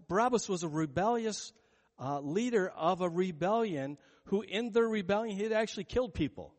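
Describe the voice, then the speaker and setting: A man with a fairly high voice preaching in a relaxed, chatty way, telling a story and slipping into the voices of its characters. His words ring out with the long reverb of a large church hall. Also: a little fast. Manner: conversational, storytelling with acted-out quotes. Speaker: pastor. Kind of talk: sermon.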